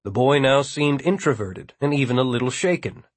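A man reading a novel aloud as an audiobook narrator, in an even, measured manner. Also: mid-range voice, dry recording. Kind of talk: scripted narration.

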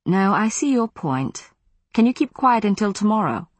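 Woman voicing a soft-spoken French vampire man. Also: medium pitch, sing-song, moderate pace, husky, no room sound, voice pushed up. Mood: polite. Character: quiet, courteous male vampire with a French accent.

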